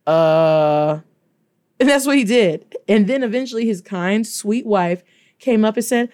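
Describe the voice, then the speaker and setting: A woman telling a personal story in a casual, animated way, acting out quoted voices and dropping in Spanish phrases. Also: mid-range voice, moderate pace. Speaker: podcast host.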